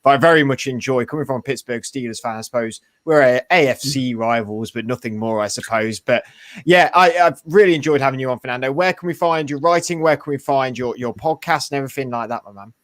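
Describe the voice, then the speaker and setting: A man's voice: medium pitch, fast talker, no echo, studio quality. A man with an English accent hosting a sports podcast, speaking in a friendly, easygoing way. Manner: friendly, easygoing, thanking guests. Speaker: podcast host. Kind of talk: casual chat.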